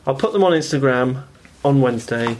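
A man hosting a podcast in casual, bantering chat with quick asides. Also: mid-range voice, animated, darkish tone, faint music behind. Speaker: podcast host.

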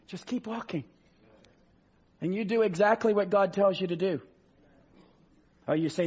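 High husky guy preaching hard, slow drawn-out scripture, bursts of shouting, muffled recording. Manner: fervent, rising to shouts, drawls scripture slowly. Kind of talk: sermon. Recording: dull lo-fi sound.

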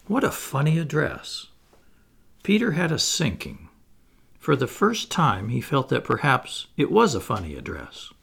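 Expressive gravelly male storyteller. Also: mid-range voice, measured pace. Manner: lively, expressive read-aloud with playful asides. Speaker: audiobook reader. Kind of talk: storybook narration.

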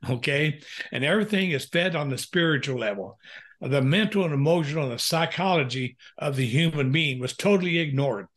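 An older man, a pastor and counselor, telling a candid personal story in an interview, earnest and halting with frequent fillers. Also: on the high side, expressive, a bit bright.

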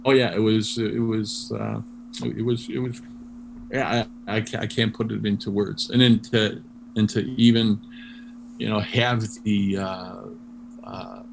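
A man telling a story in an interview, animated and full of restarts and fillers. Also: fairly low pitch, unhurried, creaky. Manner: animated, many restarts, laughs while telling. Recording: noisy background hum.

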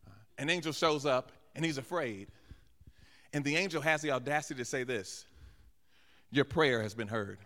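In a big church sanctuary full of long hall reverb, a man preaching as a guest pastor speaks at a moderate pace and leaves long pauses. His voice is medium-pitched, bright, and forceful, and he acts out small asides and calls out to the congregation.

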